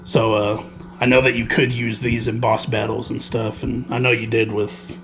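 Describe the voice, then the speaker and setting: A man's voice: mid-range voice, flat delivery, moderate pace. A man co-hosting a casual game review podcast, rambling with many fillers and frequent laughs. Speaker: podcast co-host.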